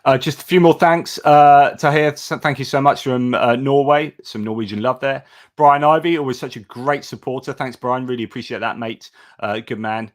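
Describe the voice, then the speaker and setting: A man hosts a live news commentary in a loose, chatty way. He often restarts his sentences and drifts into asides, at a middling pitch. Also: normal speed. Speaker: host.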